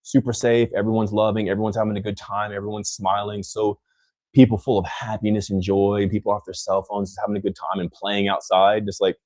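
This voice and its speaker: A man's voice: lowish voice, little pitch movement, a little fast, darkish tone, no room sound. A man from the United States hosting a casual podcast chat, rambling with many restarts and acting out other people's lines. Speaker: podcast host.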